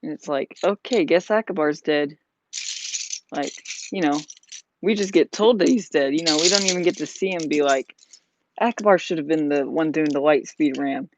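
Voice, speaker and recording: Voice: medium pitch, normal speed, slight background noise. A vlogger chatting casually while building a model, rambling with lots of "like" and "you know.". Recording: dull lo-fi sound.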